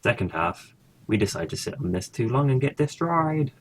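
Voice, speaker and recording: A man's voice: medium pitch, big pitch swings, normal speed, slightly rough. A man casually commentating his own gameplay, thinking aloud and swearing now and then. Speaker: gaming streamer.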